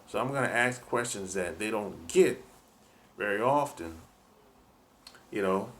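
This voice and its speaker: A man's voice: lowish voice, expressive, measured pace. A man giving dating advice in a laid-back, rambling monologue full of "you know".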